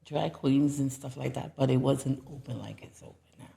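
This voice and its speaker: A woman guest on a podcast, telling a personal story in a low-key, rambling way with many fillers. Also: fairly even intonation, moderate pace, vocal fry, mellow. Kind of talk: casual storytelling.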